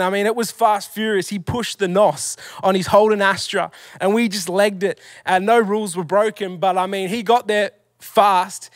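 A man's voice: high voice, no room sound, clean studio sound. A young man preaching to a youth audience as a pastor, telling stories casually with slang and self-mocking humor.

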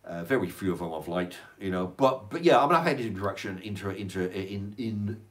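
A man's voice: fairly low pitch, lively intonation, a little fast. Older guy rambling on a stream, voice jumps up and down a lot, swears. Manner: rambling, swears, repeats words. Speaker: livestream host reading chat. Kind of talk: casual chat.

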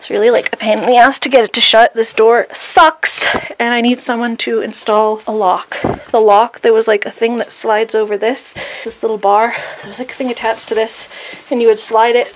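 A woman's voice: on the high side, flat delivery, normal speed, noisy background. A young woman vlogging casually while caring for her goats in a barn, chatting with lots of "like" and cooing at the animals. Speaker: vlogger and goat keeper. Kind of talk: casual chat. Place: outdoor goat barn.

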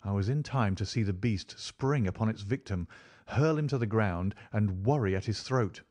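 A man narrates an audiobook in a steady, dramatic style. His voice sits low. He gives each scene careful weight without rushing. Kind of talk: scripted narration.

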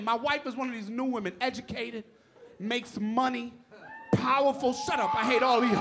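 A man doing a stand-up routine in a comedy club, loud and profane, telling stories in an exasperated way. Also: extremely high pitch, fast talker, very noisy. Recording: live club with crowd laughter. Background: audience laughing.

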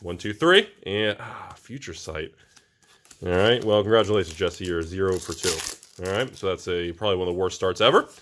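A man hosting a card box-opening video, talking through each pull with animated, excitable commentary. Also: low-pitched, brisk, noisy background. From United States. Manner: animated, swings from hushed awe to whooping excitement. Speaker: channel host opening card packs.

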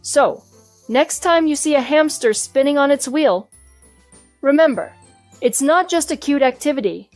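A woman reading a children's storybook aloud in an even, clear storytelling manner, voicing the hamster who narrates his own adventure. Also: sits high, unhurried, dry recording. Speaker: storybook reader. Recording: soft music behind the voice.

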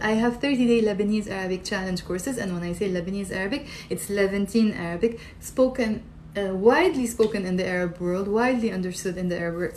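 A woman's voice: mid-range voice, a little mellow, a little hiss or hum. A woman teaching an Arabic pronunciation lesson on a live stream, chatting and quizzing viewers as she reads their comments.

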